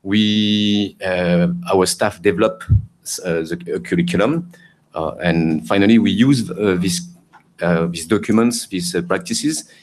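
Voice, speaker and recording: Low-voiced hesitant male panelist. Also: measured pace. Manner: hesitant, many fillers and restarts. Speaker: panelist from Cambodia. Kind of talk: conference panel remarks.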